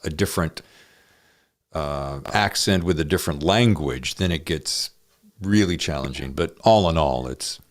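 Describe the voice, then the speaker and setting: Deep-voiced male podcast host. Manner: deliberate, measured, with frequent fillers. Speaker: audiobook narrator. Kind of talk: conversational interview.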